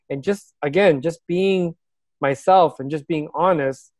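A man with a slightly high voice tells his own story in an unhurried, heartfelt way, as a teacher looking back on his classroom. He sounds reflective and sincere and laughs lightly here and there. The recording is close and dry, with no room sound. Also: a little mellow, dry recording. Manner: earnest, reflective, laughs now and then. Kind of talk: casual personal storytelling.

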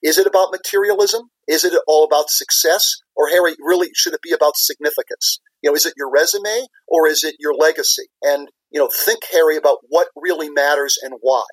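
A man's voice: on the high side, fairly quick, hardly any pauses, no room sound, rough recording. A man, a business leader and former CFO, answering interview questions in an earnest, explanatory way, repeating key words for emphasis.

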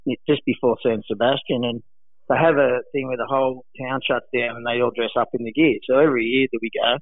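A man, a former pro surfer, telling animated anecdotes in casual chat, acting out voices and laughing often. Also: mid-range voice, brisk, dry recording. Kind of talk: casual storytelling. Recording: dry, phone-like narrow sound.

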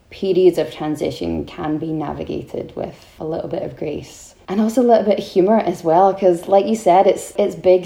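A Scottish woman in her thirties talks openly on a podcast, reflective and warm. Her voice sits low and mellow, with a gravelly fry. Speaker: podcast co-host. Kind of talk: casual podcast chat.

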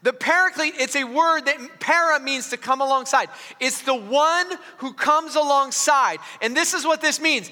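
Bright-voiced male pastor in a reverberant hall. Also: very high voice, moderate pace, hardly any pauses. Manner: conversational, joking asides, frequent restarts. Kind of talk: sermon. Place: large church hall. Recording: long reverb of a large hall.

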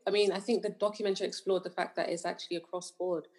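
A woman's voice: fairly low pitch, flat delivery, fast talker, darkish tone. A woman with a British accent touched by Nigerian speech, talking things through on a casual podcast with many fillers. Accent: British with Nigerian influence. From United Kingdom. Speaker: podcast co-host. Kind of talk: casual chat.

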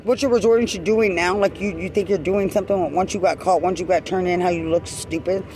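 A man's voice: sits high, steady tone, brisk, darkish tone, a little hiss or hum. A man ranting angrily outdoors, accusing someone over and over and swearing. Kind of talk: angry confrontational rant.

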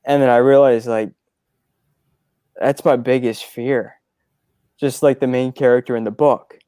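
A young man in his twenties with a smooth, resonant voice tells his side of a family story. He speaks sincerely and reflectively, with small hesitations, in a dry, close sound. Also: medium pitch, fairly even intonation, a little slow, mellow, no echo. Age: 20s. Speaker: son and co-host. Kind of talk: casual storytelling.

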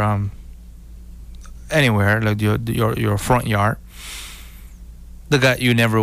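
A man's voice: medium pitch, gravelly, fairly bright tone, clean tone. A man, a car dealer, talking casually to viewers, rambling with restarts and acting out what people say. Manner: rambling, repeats and restarts, acts out quotes.

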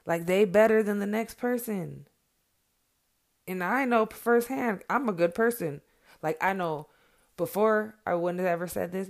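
A woman in her thirties speaks straight to her viewers in a low, gravelly voice. She is blunt and heated, swearing freely as she makes her points. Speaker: mother sharing her views. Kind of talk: candid monologue to viewers.

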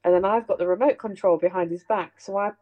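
A woman's voice: mid-range voice, fast talker, narrow, tinny audio. Chatty middle-aged woman telling stories. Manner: chatty, animated, laughs through anecdotes. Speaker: host sharing family memories. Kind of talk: casual storytelling chat.

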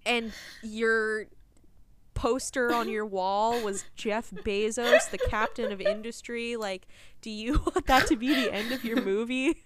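A young woman co-hosting a podcast, telling a story in a laughing, animated way with plenty of swearing. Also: on the high side, unhurried, crowd noise. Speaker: podcast co-host. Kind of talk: casual chat.

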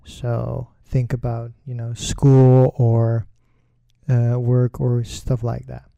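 A man hosting a casual solo talk, rambling with many fillers and pauses in a relaxed delivery. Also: mid-range voice, gravelly, no room sound, dull audio. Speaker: podcast host.

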